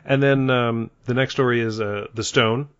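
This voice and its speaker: A man leading a casual book discussion, thoughtful and halting, with many fillers. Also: mid-range voice, steady tone, a bit bright, clean tone, no echo, highs cut off.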